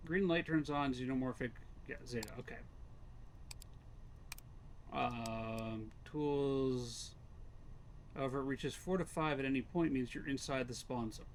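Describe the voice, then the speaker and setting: A man's voice: mid-range voice, slight background noise. A Canadian man casually commenting on a game he is playing live, reading its text aloud and chatting with viewers. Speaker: streamer.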